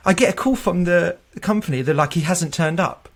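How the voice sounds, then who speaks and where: In a casual interview, a thirty-something tech recruiter spins loose, chatty stories, often laughing and imitating others' words. His voice sits high and runs a little fast.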